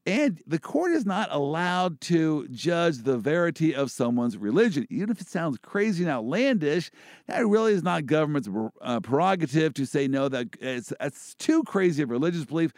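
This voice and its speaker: Joking lawyer guy hosting a chat, pitch jumps all over, slightly high voice, dead dry sound. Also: no room sound. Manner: joking, animated, many restarts. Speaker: host and First Amendment lawyer. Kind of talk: casual podcast chat about legal cases.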